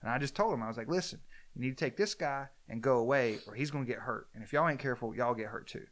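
A man telling a story in casual chat, acting out the quoted lines with a loud, animated voice. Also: medium pitch, quick pace.

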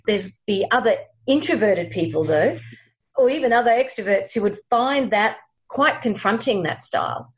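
A woman career coach speaking as a podcast guest, measured and emphatic, repeating her key points. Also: mid-range voice. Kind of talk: casual interview chat.

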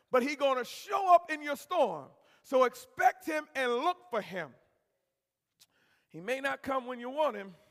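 A man preaching a sermon as pastor, impassioned, swinging from low tones up to shouts and calling out to his congregation. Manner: call-and-response with congregation. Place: church sanctuary. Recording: long church-hall reverb.

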